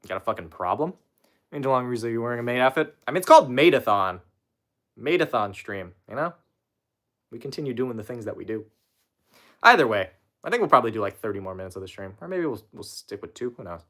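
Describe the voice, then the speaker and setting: A man's voice: medium pitch, very animated, fast talker, a bit bright. A young man streaming, casually chatting with viewers, reading their messages aloud and swearing freely as he laughs at his own slip-ups.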